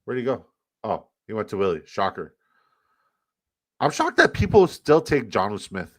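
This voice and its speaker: A man hosting a live fantasy football draft stream, talking fast in joking, profane banter. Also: lowish voice, big pitch swings, no room sound.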